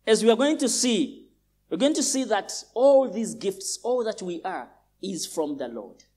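A man's voice: sits high, lively intonation, a little slow, a little mellow, breathy edge. A male pastor from Uganda preaching a sermon in a large church, emphatic and repeating phrases for stress.

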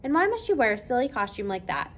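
A woman's voice: a little high, sing-song, fast, slight background noise. A woman voicing a fussy, snobbish middle-aged mother who talks in a prim, scolding way.

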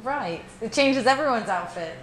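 A woman's voice: fairly high pitch, lively intonation, normal speed, music in the background. A young woman playing a horror game for the first time, reacting bluntly and crudely. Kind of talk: casual gaming commentary. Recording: roomy room with faint noise.

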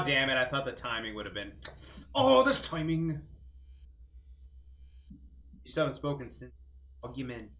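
A young man streaming a game, reading its text aloud and reacting with casual, joking commentary. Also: medium pitch. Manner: animated, jokey, swears casually.

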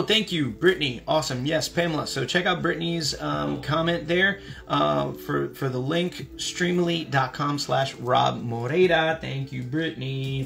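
A young man chats easily with his stream viewers while he signs autographs, upbeat and friendly. His voice sits a little high and has a gravelly edge. Faint music plays behind him. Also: a bit bright. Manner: laid-back, upbeat, chatty with viewers. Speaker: voice actor signing autographs on a livestream. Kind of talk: casual livestream chat.

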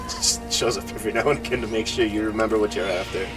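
A man's voice: fairly low pitch, fast, recorded from a distance, music in the background, rough recording. A man co-hosting a gameplay podcast, talking casually in a rambling, jokey way full of fillers. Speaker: gaming podcast co-host.

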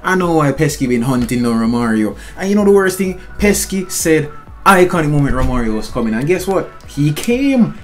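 A young man, excitably commentating his own football gameplay in a slangy, chatty way, talking straight at the screen. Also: a little high. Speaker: gaming channel host.

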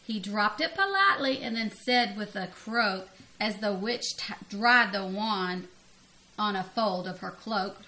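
Bright, expressive grandmother reading aloud. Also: medium pitch, a little slow. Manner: expressive, laughing, big vocal jumps on cries. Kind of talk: storybook read-aloud.

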